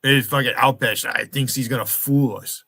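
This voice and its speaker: A man's voice: medium pitch, steady tone, normal speed, bright, forceful tone, slightly rough, dry recording. A man hosting a livestream, ranting angrily and profanely and calling out viewers by name. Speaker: livestream host. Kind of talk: angry livestream rant.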